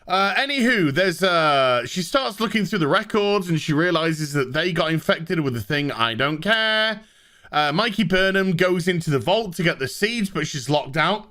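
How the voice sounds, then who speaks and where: A man's voice: sits high, sing-song, normal speed, a bit bright. A man recapping a TV episode in a sarcastic, exasperated, profane comedic rant. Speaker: TV show reviewer.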